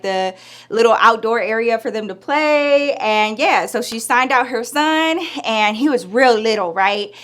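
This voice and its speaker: A woman casually telling a personal story in a chatty, animated way, full of slang and asides. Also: mid-range voice. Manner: chatty, animated, lots of "like" and "girl".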